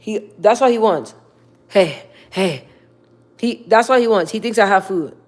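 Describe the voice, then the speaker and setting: A young woman chatting casually on a livestream, slangy and relaxed as she talks to her viewers and her dog. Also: mid-range voice, unhurried. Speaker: livestream host.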